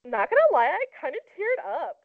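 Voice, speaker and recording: High-pitched and very animated, this young woman talks fairly quickly as co-host of a casual celebrity gossip show. She's chatty and leans heavily on "like," and the audio sounds tinny and phone-like with no room sound.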